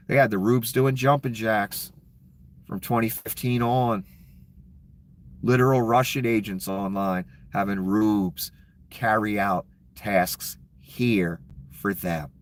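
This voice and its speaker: A man's voice: lowish voice, steady tone, takes it slowly. A man delivering an angry, profane political rant. He is scornful and sarcastic, and he stops to read headlines aloud. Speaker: political commentator.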